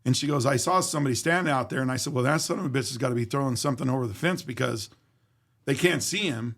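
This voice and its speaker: A man's voice: medium pitch, quick pace, fairly bright tone. A man being interviewed, telling a story in a vivid, profane way and acting out the dialogue. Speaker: interview guest. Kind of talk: casual storytelling.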